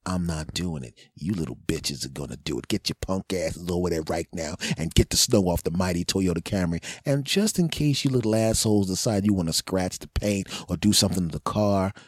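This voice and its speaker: Husky brash man in his forties. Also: low-pitched, no room sound, studio quality. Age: 40s. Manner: brash, profane, mock-threatening. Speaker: podcast host. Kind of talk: comedic rant monologue.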